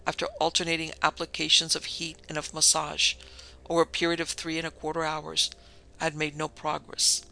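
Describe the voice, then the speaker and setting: A man narrating a gothic tale as an audiobook, in a formal, measured manner. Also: on the high side, monotone, vocal fry, pushed and bright, poor audio.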